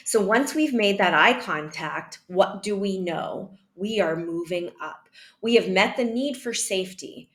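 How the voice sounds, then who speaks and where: A woman teaching a calm method for handling upset children, speaking gently and often checking in with "right?", sometimes dropping to a near whisper. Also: lowish voice. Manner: calm, repeats "right?", models slow breathing. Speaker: early childhood educator. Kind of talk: teaching a parenting and classroom method.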